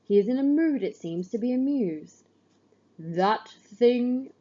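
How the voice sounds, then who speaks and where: A woman reading a literary story aloud in the first person, measured and grave, on a dull lo-fi recording. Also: on the high side, expressive, warm tone. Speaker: audiobook reader.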